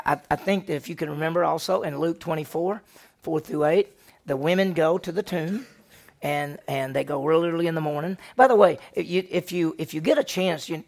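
Man, pastor, Bible lesson, gravelly voice, a little high, animated storytelling, quizzes the class. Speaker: senior pastor.

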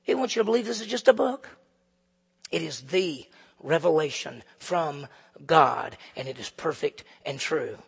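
A man preaching a sermon in a church, emphatic, swinging between loud peaks and low, quiet stretches. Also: lively intonation, unhurried, vocal fry, slightly rough. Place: church sanctuary. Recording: long reverb of a large hall.

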